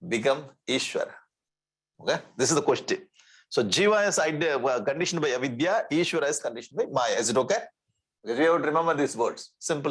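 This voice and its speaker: A swami teaching scripture gives a spiritual lecture in a medium-pitched, slightly bright, breathy voice on a low-quality recording. He repeats Sanskrit terms, often asks "okay?" to check in, and adds light humor with chuckles.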